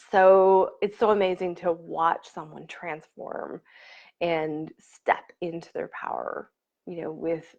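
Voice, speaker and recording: A woman's voice: deep voice, gravelly. Effusive woman coach on a dull stream. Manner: warm and effusive, reads and greets commenters. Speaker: coach leading a live online workshop. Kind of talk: casual live-stream talk to viewers. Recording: slightly dull lo-fi stream audio.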